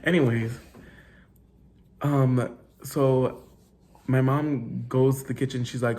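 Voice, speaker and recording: A young man tells a story from his school days in a casual, rambling way, full of fillers and restarts. His voice is mid-pitched, and he swears freely and mixes Spanish words into his talk. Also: slow pace, long pauses, a little mellow. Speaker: vlogger telling a story.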